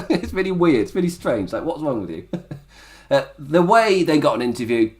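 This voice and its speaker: A man talks through a wrestling episode in a loose, rambling solo review. His pitch swings widely as he chuckles at his own asides and slips into quick mock voices. It sounds like an offhand chat rather than a script. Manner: rambling, laughs often, does mock voices. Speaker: wrestling review podcast host. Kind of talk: casual solo review commentary.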